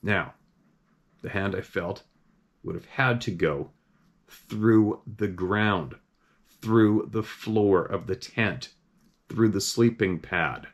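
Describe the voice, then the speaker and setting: A young man with a somewhat low voice narrates a first-person story from a night in the woods. He reads it in an earnest, steady way, now and then stumbling and restarting a phrase. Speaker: host reading a viewer's story.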